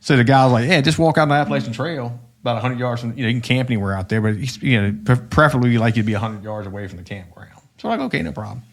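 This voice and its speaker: A man's voice: mid-range voice, rapid-fire, hardly any pauses. Rambling profane man telling stories. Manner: rambling, profane, frequent restarts. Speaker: podcast co-host. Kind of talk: casual storytelling chat.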